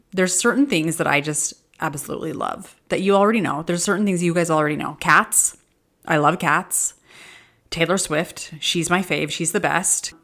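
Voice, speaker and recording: Woman podcast host, middle-aged, low-pitched voice, earnest, animated, laughs often. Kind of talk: casual motivational podcast talk.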